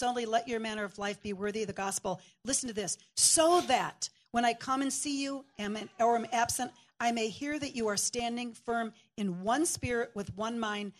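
A woman sharing a sermon in a church, telling a lively story and laughing as she goes. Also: on the high side, moderate pace, hardly any pauses. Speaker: guest preacher.

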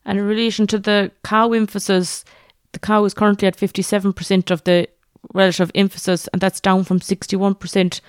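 A woman hosting a podcast interview, putting brisk prepared questions to her guests. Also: mid-range voice, flat delivery, smooth, no room sound, studio quality. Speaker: podcast host.

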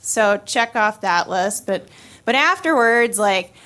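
A woman's voice: medium pitch, animated, slow, fairly bright tone. A woman around thirty telling a personal story live, casual and wry, with many fillers and restarts.

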